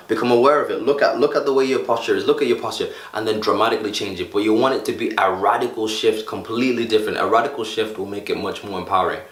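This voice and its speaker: A man's voice: lowish voice, roomy sound. A man coaching viewers on how to feel better, talking animatedly, repeating phrases and acting out examples. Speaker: self-help coach. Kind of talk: motivational talk to camera.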